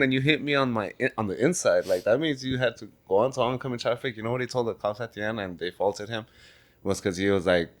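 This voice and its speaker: A man's voice: on the low side, fast talker. A man with an El Paso Texan accent, a truck driver telling a crash story in easygoing podcast chat, often saying bro. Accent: El Paso Texan English. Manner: laid-back, says bro a lot.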